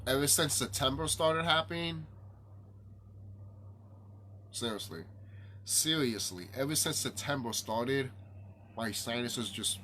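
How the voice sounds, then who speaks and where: A man's voice: medium pitch, slow, long pauses, sharp tone, slight background noise. A man vlogging to camera in a rambling, profane monologue, repeating himself and ranting, his sinuses stuffed up.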